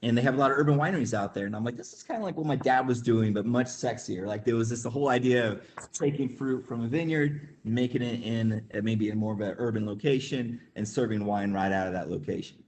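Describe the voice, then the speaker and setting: A man's voice: mid-range voice, fast talker, hardly any pauses, darkish tone, slight background noise. A man who grew up in the Midwest, telling a rambling casual story with lots of fillers, laughs and acted-out quotes. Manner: acts out quoted voices. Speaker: webinar guest.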